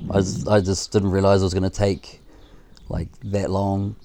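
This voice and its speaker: A man in his thirties or forties talks low and loose as a podcast guest. He rambles through a frank story, leaning on fillers and the odd swear word. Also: flat delivery, normal speed, background noise. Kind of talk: casual chat.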